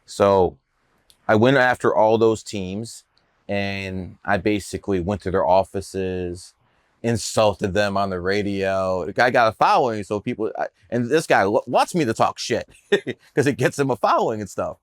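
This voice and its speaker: A man's voice: on the low side, moderate pace, no room sound, clean studio sound. A man telling stories about his numerology career in a brash, profane, boastful way on a podcast. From Cleveland area, USA. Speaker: numerologist guest. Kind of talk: casual podcast storytelling.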